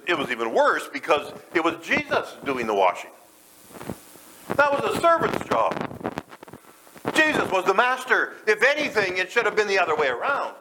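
Conversational preacher with lively pitch. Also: male voice, noisy background. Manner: conversational, asks the congregation questions. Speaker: pastor. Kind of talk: sermon. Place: church.

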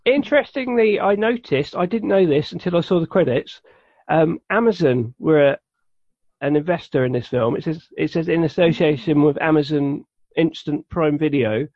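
A man's voice: a little high, moderate pace, a little mellow, no room sound. Rambling man, dull lo-fi sound. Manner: rambling, many restarts and fillers. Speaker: podcast co-host. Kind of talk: casual chat.

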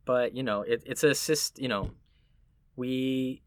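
A man's voice: medium pitch, slow pace, no room sound. Chatty man from Puerto Rico, dry sound. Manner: chatty, animated storytelling, laughs easily. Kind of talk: casual conversation.

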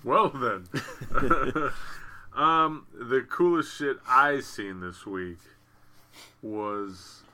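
Bright-voiced casual podcast co-host man. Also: medium pitch, very slow, a little hiss or hum. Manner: loose, profane storytelling with lively quoted asides. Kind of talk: casual chat. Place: home studio with wrestling on TV behind. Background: faint TV ambience.

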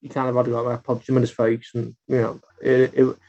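A man from Birkenhead with a Merseyside accent, swearing and filling his casual stories with "like" as he rushes bursts of words. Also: mid-range voice, monotone. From Birkenhead, England. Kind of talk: casual storytelling chat. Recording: dull lo-fi sound.

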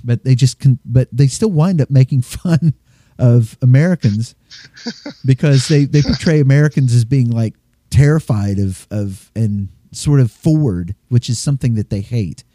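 A man's voice: mid-range voice, normal speed, mellow, dry recording, clean studio sound. A man chatting casually on a podcast, a rambling storyteller who acts out voices. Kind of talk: casual chat.

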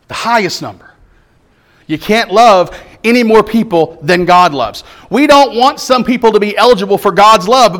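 Brief: male pastor preaching, high-pitched, rhythmic repeated phrases, emphatic delivery. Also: a bit bright. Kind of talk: sermon.

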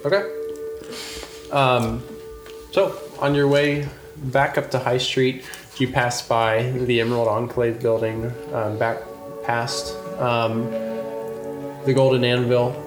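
A man running a tabletop game as game master, narrating haltingly with many ums. The recording is echoey, with music behind. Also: medium pitch, fairly even intonation.

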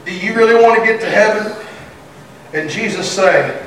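A man, a pastor, preaching a sermon in a church. He is lively and humorous, with bursts of excited shouting. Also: high-pitched, moderate pace, slight background noise. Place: church sanctuary. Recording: echoey church from far off.

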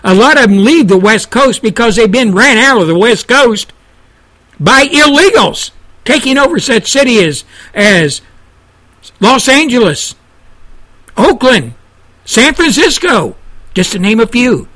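A man's voice: extremely high pitch, big pitch swings, a little slow, long pauses, bright, forceful tone. A man hosting a radio show, delivering a blunt, indignant, profane political rant. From Texas. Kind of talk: angry political radio monologue.

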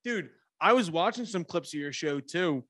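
A man's voice: on the high side, lively intonation, normal speed, a bit bright, no room sound, studio quality. A man from Philadelphia hosting a podcast, telling stories in casual, profanity-laced chat. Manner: profane, storytelling. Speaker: podcast host.

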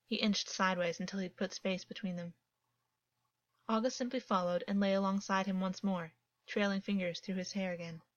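A woman reading fiction aloud as a narrator, calm and even in her storytelling. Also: mid-range voice, moderate pace, dry recording. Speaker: audiobook narrator. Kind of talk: scripted narration. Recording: dull, dry, lo-fi.

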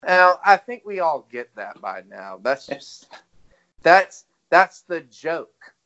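Rambling man, fairly high voice. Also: very animated, slow, a bit bright. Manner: rambling, swears, laughs, quotes others in voices. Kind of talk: casual wrestling chat. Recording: dull lo-fi audio.

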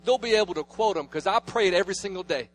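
A pastor in his thirties preaches a sermon built around family stories. His voice is high and fast, and he swings between loud declarations and hushed asides.

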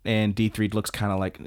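A man hosting a podcast, casually retelling scenes and breaking into excited asides. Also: lowish voice. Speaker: podcast host. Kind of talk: casual episode recap.

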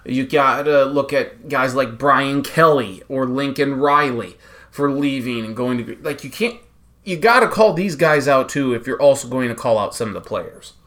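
A man co-hosting a sports podcast, giving firm opinions, agreeing quickly and steering the talk along. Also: medium pitch, fairly bright tone. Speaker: podcast co-host. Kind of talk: casual sports chat.

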